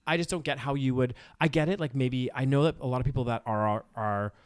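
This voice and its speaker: A man's voice: medium pitch, fairly even intonation, quick pace, clear, resonant tone, no echo, clean studio sound. A man co-hosting a podcast in casual chat, rambling and agreeable with lots of fillers. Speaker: podcast co-host.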